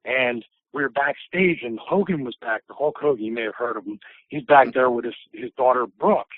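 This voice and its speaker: Male guest on a call, animated anecdotes with put-on voices, phone-quality audio. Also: mid-range voice, moderate pace, no room sound. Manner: animated, acts out voices in anecdotes, laughs often. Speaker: interview guest, former wrestler. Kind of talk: casual storytelling. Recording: tinny phone line.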